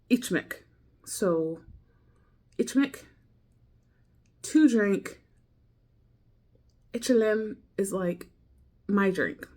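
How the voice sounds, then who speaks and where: Woman, casual diary talk, unhurried, rambling, mid-range pitch. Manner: thinking aloud, loose and rambling. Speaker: language learner.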